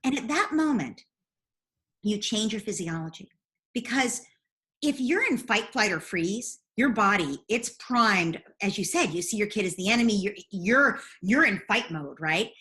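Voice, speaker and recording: A woman's voice: medium pitch, expressive, measured pace, bright, forceful tone. A woman guest in an interview, earnestly explaining parenting advice step by step. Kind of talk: interview answers.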